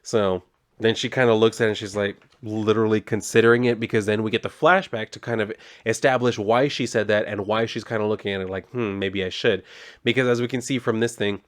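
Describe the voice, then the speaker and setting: A young man giving a casual comic book review, rambling and relaxed with plenty of fillers. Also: fairly low pitch, fast talker.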